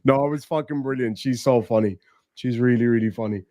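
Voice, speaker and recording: A man's voice: medium pitch, a little fast, darkish tone, no room sound, studio quality. A man hosting a casual late-night stream, telling stories with lots of swearing and laughter. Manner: profane, laughing storyteller. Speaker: streamer host.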